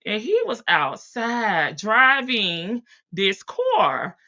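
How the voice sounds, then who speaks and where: A woman's voice: mid-range voice, huge pitch swings, extremely slow, pushed and bright, dull audio. A woman hosting a true crime live stream, chatting casually and playfully with her viewers and laughing often.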